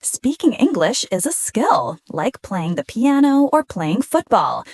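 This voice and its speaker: A woman hosting an English-learning podcast, explaining patiently and clearly in a scripted, slow teaching dialogue. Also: fairly high pitch, sing-song, a little mellow, no room sound, studio quality.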